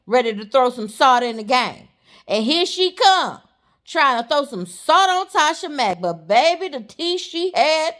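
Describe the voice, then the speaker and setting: A woman giving a casual, chatty recap of a TV episode, talking straight to her viewers and calling them honey. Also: a little high. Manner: chatty and animated, calls the viewer honey and y'all. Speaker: TV show recapper.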